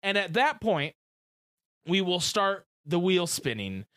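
A man co-hosting a podcast in casual chat, excitable and full of gamer slang. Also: sits high, slow, no room sound, clean studio sound. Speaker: podcast co-host.

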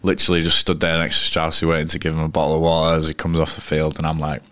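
Deep-voiced Yorkshire man telling stories. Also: monotone, racing, a bit bright, no echo. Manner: rambling, frequent restarts, blunt and sweary. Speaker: guest cricketer. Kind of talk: casual interview storytelling. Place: pub.

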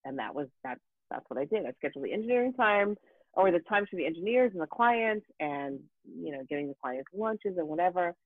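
Animated woman storyteller on a tinny line. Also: on the low side, fairly quick, no room sound. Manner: animated storyteller, acts out quoted voices. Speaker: voice actor guest. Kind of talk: casual podcast chat. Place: home in Los Angeles. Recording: tinny phone-like line, dry.

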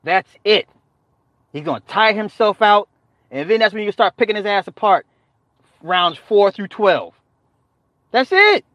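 High-voiced man joking on a live stream. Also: moderate pace, pauses often, no room sound. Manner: profane, joking banter with frequent laughter; talks back to chat, repeats phrases for emphasis. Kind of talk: casual live-stream chat. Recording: dull lo-fi dry sound.

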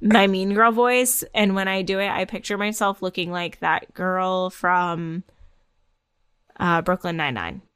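A woman co-hosting a casual podcast, with a dry, deadpan humor. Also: fairly low pitch, a little slow, clear, resonant tone, no echo. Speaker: podcast co-host.

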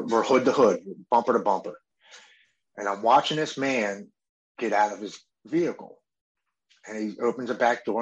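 In a low-quality recording, a man in his thirties with a lowish voice tells his own addiction and recovery story. He's earnest and emotional, frequently quoting what he said and thought at the time.

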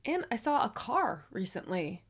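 A playful woman in her late thirties, co-hosting a podcast. She tosses in quick quips and keeps the chat light with frequent affirmations. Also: mid-range voice, sing-song, husky. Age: 30s. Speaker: podcast co-host. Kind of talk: casual chat.

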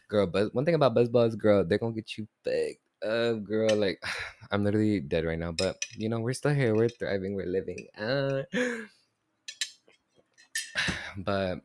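A man hosting a casual podcast chat, excitable and slangy, cursing freely and hungover. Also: on the low side, slight background noise. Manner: excitable, slangy, swears a lot, mixes in Spanish. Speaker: podcast host. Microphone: podcast microphone.

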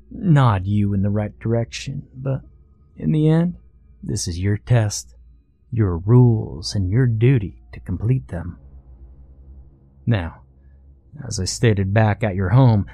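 A man plays a courtly, pompous servant of a dark king in a scary storybook reading, every word measured and formal. The voice is low and mellow, close and dry. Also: dry recording. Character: smooth, formal male servant of a sinister king.

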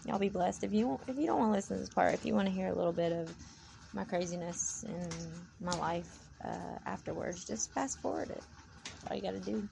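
A woman's voice: medium pitch, expressive, brisk, gravelly, warm tone, slight background noise, poor audio. A woman with a tired voice chatting casually and devoutly in a rambling vlog. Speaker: vlogger. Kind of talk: casual faith-filled chat.

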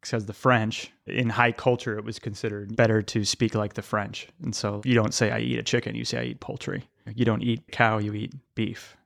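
A man's voice: fairly low pitch, flat delivery, normal speed, creaky, few pauses, a bit bright. A man appearing as a podcast guest, chatting casually and musing at length while he explains ideas. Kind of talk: casual interview chat.

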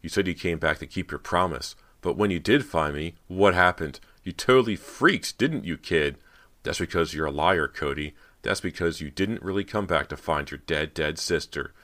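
A man's voice: low voice, moderate pace, fairly bright tone. Callie, a man voicing a taunting girl ghost. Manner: taunting, mocking. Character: spiteful teenage girl ghost, gloating and vengeful. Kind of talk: audiobook character reading.

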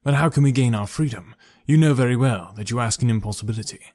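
A man reading the lines of a scheming, greedy army major in an audiobook, in a halting, guarded way. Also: medium pitch, a little mellow, lightly acted. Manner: halting, guarded officer's speech.

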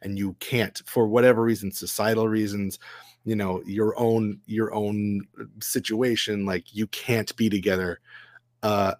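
A man's voice: on the low side, level tone, unhurried, a little mellow, no echo, studio quality. Thoughtful man musing as a guest. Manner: thoughtful, rambling with many fillers. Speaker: guest writer and director. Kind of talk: casual film discussion.

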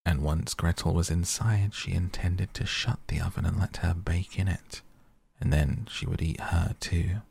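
A man reading a fairy tale aloud in a soft bedtime storytelling voice, at times half-whispered. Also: steady tone, a little slow. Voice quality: gravelly, breathy low voice. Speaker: sleep podcast reader. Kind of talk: softly spoken bedtime storytelling.

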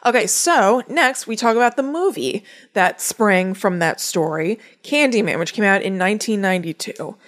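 A woman's voice: mid-range voice, lively intonation, normal speed, hardly any pauses, a bit bright. A woman co-hosting a podcast, casually recapping a movie plot with chatty asides. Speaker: podcast co-host.

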